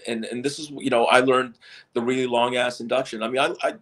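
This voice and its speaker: Middle-aged man, stage hypnotist, casual storytelling, mid-pitched voice, stumbling restarts and repeated words. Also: flat delivery, quick pace, fairly bright tone.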